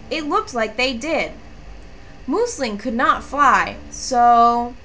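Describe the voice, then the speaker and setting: A woman reading a children's picture book aloud, slow and expressive. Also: sits high, a little hiss or hum. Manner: slow, expressive, clearly articulated. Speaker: storybook reader. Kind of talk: children's storybook read-aloud.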